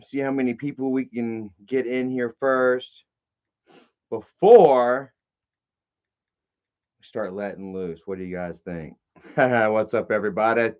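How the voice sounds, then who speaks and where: A man with a medium-pitched, clean-toned voice runs his own live stream, chatting in a rambling, casual, profane way full of fillers and asides to his viewers. The stream audio is dull and lo-fi.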